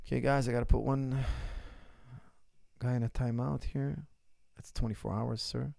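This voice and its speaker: Blunt gravelly man in his forties. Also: medium pitch, steady tone, moderate pace, warm tone, no room sound, studio quality. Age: 40s. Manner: blunt, emphatic, repeats key phrases. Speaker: martial arts coach answering viewer questions. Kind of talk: casual livestream Q&A.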